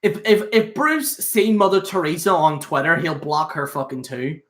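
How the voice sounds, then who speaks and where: A man's voice: fairly high pitch, normal speed, fairly bright tone. A young man hosting a casual solo stream, rambling and swearing with lots of fillers. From Northern Ireland. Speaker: host. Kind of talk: casual solo livestream chat.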